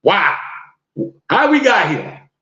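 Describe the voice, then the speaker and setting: Male podcast host, high lively voice, incredulous ranting delivery, roomy muffled lo-fi recording. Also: takes it slowly. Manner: incredulous, fires off rhetorical questions. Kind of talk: live-stream rant to viewers. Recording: roomy, dull lo-fi sound.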